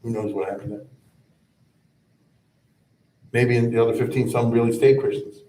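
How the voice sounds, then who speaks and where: The voice is a man's, medium in pitch, dark and steady, at normal speed. He teaches a rabbinic class through an informal explanatory lecture, chanting verses conversationally and then explaining them with frequent asides. It was recorded in an echoey room with the microphone at a distance.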